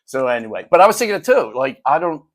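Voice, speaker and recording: An older man, a retired teacher co-hosting a chat show, telling a school story in an animated way and acting out the kids' lines. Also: on the high side, quick pace. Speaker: retired teacher, podcast co-host.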